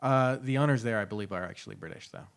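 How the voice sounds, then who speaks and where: A man co-hosting a casual podcast, telling stories in a relaxed way and laughing often. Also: medium pitch, quick pace. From San Diego area, California. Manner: laid-back storytelling, laughs often. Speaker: podcast co-host. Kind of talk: casual chat.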